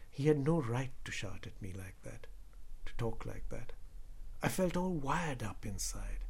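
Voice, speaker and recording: A man reading a first-person story aloud in a measured, subdued way that sometimes drops to a whisper. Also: on the low side, slightly rough. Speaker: narrator.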